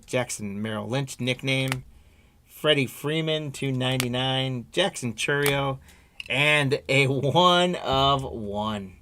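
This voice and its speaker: Slow, easygoing male card break host. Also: medium pitch, sharp tone, a little hiss or hum. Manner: unhurried, reads card names off one by one, friendly asides to viewers. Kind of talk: live-streamed card break commentary.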